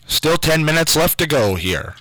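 A man's voice: fairly high pitch, big pitch swings, normal speed, bright, forceful tone, low-quality recording. A man hosting a call-in radio quiz show from a station studio, taking callers and spelling out names letter by letter.

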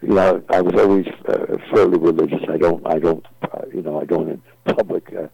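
A man's voice: low-pitched, fairly even intonation, fairly quick, gravelly, mellow, breathy edge, dry recording. An older man, a guest entertainer, telling rambling stories in an interview with many fillers and restarts, in a dull, dry, lo-fi recording. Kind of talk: interview storytelling.

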